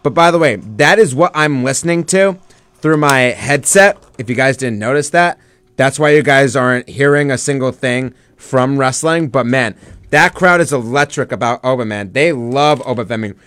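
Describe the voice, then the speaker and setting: A man's voice: mid-range voice, normal speed, no room sound. Young male vlogger, eager and rambling, filler-heavy, mid voice. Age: young adult. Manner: excited and rambling, many fillers. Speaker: student vlogger. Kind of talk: casual live chat while watching wrestling.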